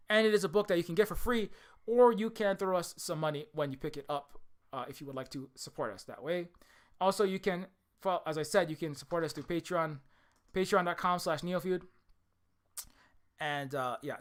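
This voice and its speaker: A young man with a slightly higher voice gives rambling commentary at a rush. He keeps restarting sentences and piling up fillers. He sounds like an indie game developer hosting his own channel. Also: a bit bright.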